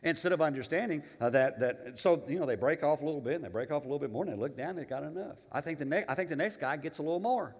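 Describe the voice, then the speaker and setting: A male pastor preaching a sermon, animated and emphatic, with humorous asides and storytelling. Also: on the high side, racing, few pauses, long reverb tail.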